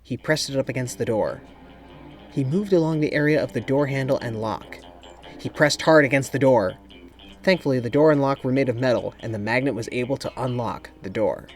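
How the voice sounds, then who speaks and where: Steady male audiobook narrator. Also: mid-range voice, fairly quick, faint music behind. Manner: steady, even storytelling. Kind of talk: scripted narration.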